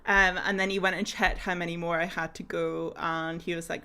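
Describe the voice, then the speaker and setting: A woman's voice: on the low side, fairly even intonation, moderate pace, few pauses, bright, forceful tone, clean tone. Giggly woman streaming a game. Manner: chatty and giggly, many ums, greets viewers one by one. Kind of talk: casual live-stream chat.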